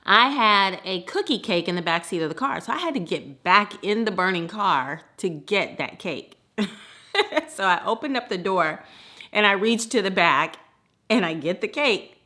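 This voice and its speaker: Bright-voiced woman from the Midwest. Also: medium pitch. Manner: lively, laughs often. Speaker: storyteller. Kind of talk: personal storytelling.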